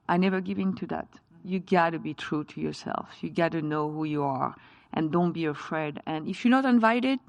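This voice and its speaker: A woman's voice: low voice, no echo. A woman with a French accent, French-born, speaking as a chef guest in a live on-stage interview, passionate and emphatic, with non-native grammar. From France.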